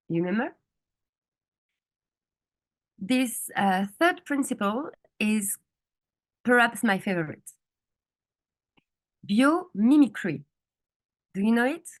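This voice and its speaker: Woman dentist giving a halting lecture. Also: mid-range voice. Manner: careful, halting, asks the audience questions; speaks a second language with slight slips. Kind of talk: conference lecture to colleagues.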